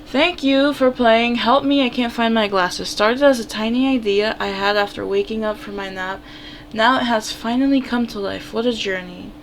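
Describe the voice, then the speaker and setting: A woman's voice: mid-range voice, normal speed, a little hiss or hum. Woman gamer reading a story game aloud; casual, giggly.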